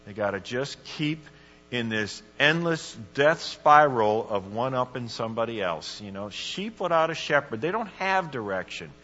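Male preacher, lively and informal, sharp bright tone; lo-fi church recording. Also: mid-range voice, moderate pace. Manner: casual, excitable preaching with bursts of shouting. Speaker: guest preacher. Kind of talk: sermon. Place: church sanctuary. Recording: dull lo-fi recording in a reverberant church.

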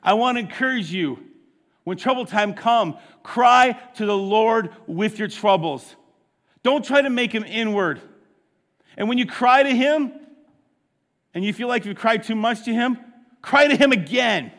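A man preaching a sermon as pastor, impassioned, swinging from hushed to loud. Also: extremely high pitch, lively intonation, measured pace. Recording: long reverb of a large hall.

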